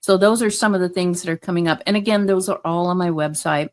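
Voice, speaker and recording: A woman with a fairly low voice speaks as a guest in a relaxed interview. She talks earnestly and with enthusiasm, filling her sentences with small fillers. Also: quick pace. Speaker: guest, hypnotherapist. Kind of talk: casual interview chat.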